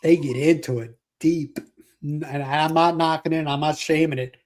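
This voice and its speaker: A man chats casually on a livestream, his voice sitting a little high. He talks in an animated way, repeats phrases and laughs often as he answers viewers. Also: normal speed. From South Philadelphia. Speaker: livestream host. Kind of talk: casual live chat with viewers.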